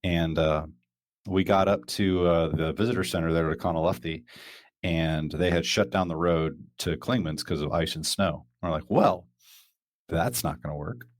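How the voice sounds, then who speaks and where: A man's voice: deep voice, steady tone, moderate pace, no room sound, studio quality. A man hosting a casual podcast chat, talking loosely with lots of fillers and restarts. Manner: rambling, many fillers and restarts. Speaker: podcast host.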